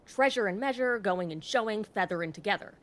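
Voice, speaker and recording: A woman reads a scripted educational video in a clear, explanatory voice. Her pitch sits right in the middle, and she drops in wry, joking asides. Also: lively intonation, a little fast. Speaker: host.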